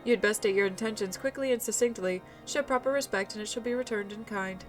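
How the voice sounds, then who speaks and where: A woman's voice: medium pitch, fast, natural voice, low-quality recording. A woman reading the lines of a stern, formal male knight in a game, with faint music behind. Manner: formal, old-fashioned phrasing.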